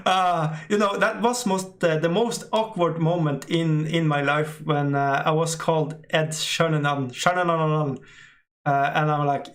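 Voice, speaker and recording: A middle-aged man, an English speaker, hosting a casual live stream and reading out chat, halting with many fillers and frequent laughs. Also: a little high, steady tone, a bit bright.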